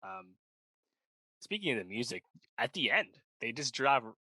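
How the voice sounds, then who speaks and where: Bright-voiced man rambling through a review. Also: medium pitch, sing-song, normal speed, slightly rough, dry recording. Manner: rambling, full of "like" and "you know, right?". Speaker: podcast co-host. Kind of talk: casual chat.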